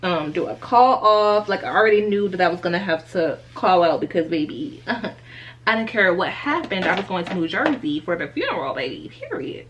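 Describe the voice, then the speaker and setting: A young woman talks straight to her followers in a loose, chatty vlog voice, her pitch sitting a little low for a woman. She calls her viewers y'all and baby and laughs lightly even while telling hard news, in a candid, conversational storytelling manner. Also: moderate pace, highs cut off, slight background noise. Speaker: vlogger. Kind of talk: candid life-update storytelling.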